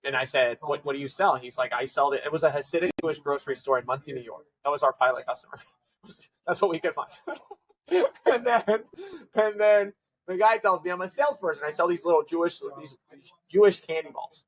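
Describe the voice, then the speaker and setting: A man, a tech company CEO, telling stories as a guest in a casual podcast interview, acting out quoted dialogue with quick, run-on phrasing. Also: a little high, rough recording. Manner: fast, run-on phrasing with restarts.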